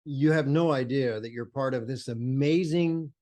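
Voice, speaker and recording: A mellow, medium-pitched man's voice at a normal pace belongs to an older photographer. In conversation with an interviewer, he eagerly tells stories, mimics the voices of those he's quoting, and often fills pauses or starts over.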